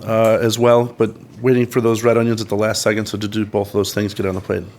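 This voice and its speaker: A man's voice: lowish voice, completely flat delivery, fast, darkish tone. Young guy chef guest, chill, walking through a recipe. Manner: easygoing, explains dishes. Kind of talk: casual food chat.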